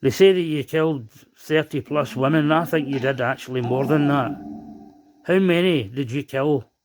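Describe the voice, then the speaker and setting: A man's voice: fairly high pitch, normal speed, a little mellow. A man hosting a paranormal spirit box session, questioning the spirit in a stern, accusing way. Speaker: paranormal investigator host.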